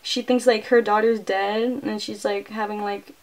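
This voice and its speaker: A young adult woman reviewing a movie, retelling the plot in an excitable, casual way and filling her sentences with "like". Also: medium pitch, moderate pace. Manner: chatty and excitable, heavy use of "like" fillers.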